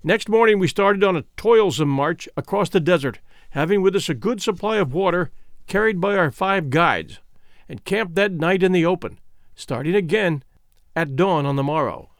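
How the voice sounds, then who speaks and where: A man reading a first-person adventure audiobook in a measured storytelling way. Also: sits high, expressive, no room sound, studio quality. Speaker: audiobook narrator. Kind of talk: scripted narration.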